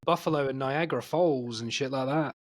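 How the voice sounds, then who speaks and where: A man's voice: mid-range voice, fairly quick. Blunt wry male podcast host. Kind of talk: casual chat.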